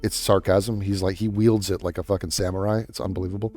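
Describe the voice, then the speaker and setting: A man's voice: sits low, level tone, fast, mellow, soft background music. A man giving profane reaction commentary in a sarcastic, scornful tone. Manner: sarcastic, scornful, swears a lot. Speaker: commentary YouTuber.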